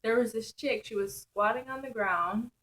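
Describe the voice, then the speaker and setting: A young woman vlogger telling a wild night-out story in casual slang, animated and laughing often. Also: a little high, moderate pace, rough recording.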